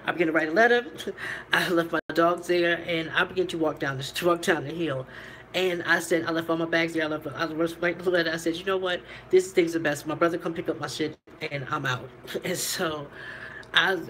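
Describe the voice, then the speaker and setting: A woman's voice: low voice, a bit bright, a little hiss or hum, rough recording. A woman vlogger telling a candid personal story, rambling and profane, laughing between lines.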